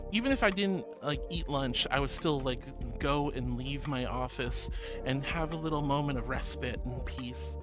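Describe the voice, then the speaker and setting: A woman streaming and reading her chat aloud, bubbly and sweet, calling viewers sweetie. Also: a bass voice. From Florida. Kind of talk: casual chat. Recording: music playing behind.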